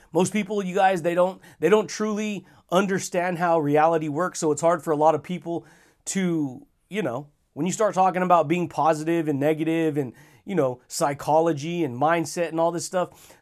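High-voiced, slangy motivational man. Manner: casual, slangy and enthusiastic, with frequent chuckles. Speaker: podcast host. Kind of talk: motivational podcast monologue.

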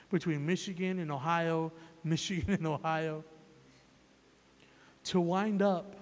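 A male evangelist preaching a sermon as a story, emphatic and repetitive, building up to loud peaks. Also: sits high, big-room sound.

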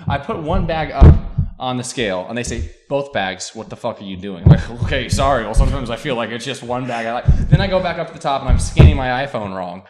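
A man's voice: medium pitch, lively intonation, quick pace, hardly any pauses, a little mellow, faint music behind. A young man hosting a podcast, telling profane, self-mocking travel anecdotes in a rambling casual chat. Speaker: podcast host. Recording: echoey room with background noise.

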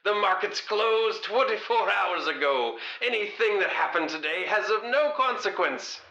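A man's voice: sits high, animated, normal speed, pushed and bright, reverberant, muffled recording, heavily acted. A man voicing a gleeful, scheming male city mayor in a comedy audio sketch, gloating.

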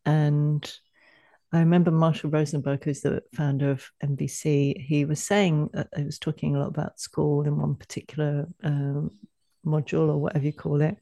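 A woman's voice: deep voice, little pitch movement, moderate pace, warm tone, dry recording. A woman in her forties hosting a podcast, effusive in praise and then reminiscing. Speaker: podcast host. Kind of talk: casual chat.

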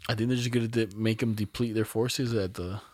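A man's voice: on the low side, steady tone, a little fast, darkish tone, no echo, clean studio sound. Laid-back young man chatting. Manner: laid-back, laughing, slangy. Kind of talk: casual chat.

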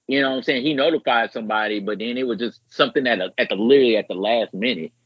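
A man co-hosting a podcast in casual chat, rambling and profane, jumping way up in pitch when he acts out what others said. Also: very fast, slightly rough, no room sound. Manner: rambling, profane, animated quoting with big pitch jumps. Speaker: podcast co-host. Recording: muffled lo-fi podcast audio.

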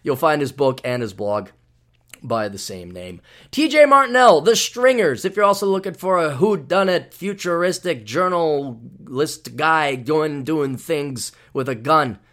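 A man's voice: on the high side, big pitch swings, unhurried, a bit bright. A man from the United States hosting his own podcast in a rambling, sarcastic, mock-ranting monologue. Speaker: podcast host.

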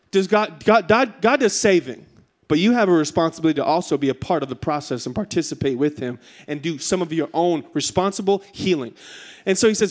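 A man in his thirties preaching a sermon in church, telling a comic story with lots of energy before turning to his message. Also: fairly quick. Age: 30s. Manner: animated storyteller, rising to high excited pitch in punchlines. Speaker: pastor. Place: church stage.

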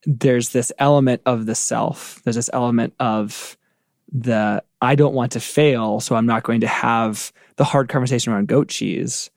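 Male podcast co-host, reflective and searching, slight fry, dry close mic. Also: medium pitch, steady tone, normal speed, dry recording. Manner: thoughtful, searching, frequent "like" fillers.

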